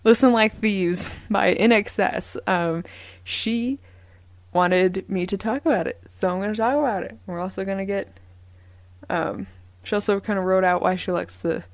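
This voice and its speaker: A woman's voice: medium pitch, no echo. A young woman hosting a casual solo podcast, rambling with lots of ums and restarts. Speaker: podcast host.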